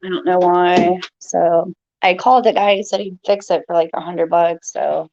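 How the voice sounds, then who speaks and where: A woman's voice: on the low side, fairly even intonation, normal speed, gravelly, darkish tone, dull audio. A woman vlogger talking casually and rambling, frustrated and tired as she vents. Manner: frustrated, weary, loose and rambling. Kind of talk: casual venting monologue.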